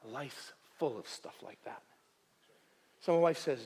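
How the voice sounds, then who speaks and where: A male pastor preaching a sermon with humor at his own expense, moving between soft asides and loud emphatic bursts and often repeating his phrases. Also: on the high side, very animated, unhurried, husky, long reverb tail. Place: church sanctuary.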